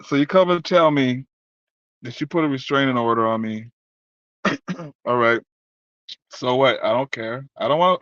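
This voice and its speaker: A man's voice: mid-range voice, moderate pace, fairly bright tone, dry recording. A man doing profane, heated casual commentary while reacting to chat and reading it aloud. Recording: dull lo-fi dry sound.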